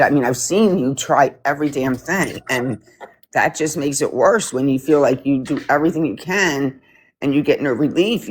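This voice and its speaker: A woman's voice: very deep voice, a little hiss or hum. A woman joining a livestream remotely, talking in a soothing, reassuring way to comfort a friend. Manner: soothing, reassuring, steady talker. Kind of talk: casual supportive chat. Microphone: joined remotely on the stream.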